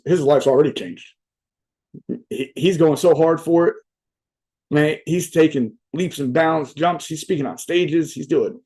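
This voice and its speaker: His voice is warm and a touch high. The young adult man gives a loose, profane motivational talk at a virtual event over a talk mic, wandering off-topic with plenty of fillers and "right?" tossed in.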